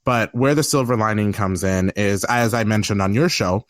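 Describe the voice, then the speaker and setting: A low-voiced man speaks openly and reflectively as a podcast guest, his voice catching with emotion now and then. The recording is dry and close, with no room sound. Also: moderate pace, dry recording. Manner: candid, reflective, tearful at times. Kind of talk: emotional personal conversation.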